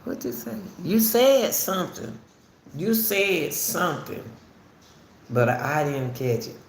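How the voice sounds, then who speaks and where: A woman hosting a commentary channel discusses a case casually, talking repetitively and emphatically to her viewers. Her lowish voice is slow, with big pitch swings. The recording carries a roomy echo and faint background noise.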